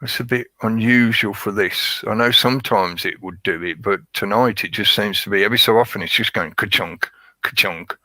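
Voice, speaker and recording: A man's voice: lowish voice, fairly quick, hardly any pauses, sharp tone, no echo, low-quality recording. A man hosting a casual livestream, talking at length in a rambling way and greeting chat viewers by name. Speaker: livestream host.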